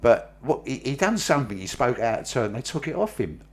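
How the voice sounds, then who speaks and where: A man rambles through a rough story in casual chat, swearing and laughing often. His voice rises and falls a lot. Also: medium pitch, sing-song, brisk, a little hiss or hum.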